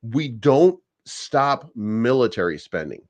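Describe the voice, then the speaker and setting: A man's voice: mid-range voice, sing-song, takes it slowly. A man hosting a crypto channel, giving rambling, profane market commentary with many restarts. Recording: dull lo-fi sound.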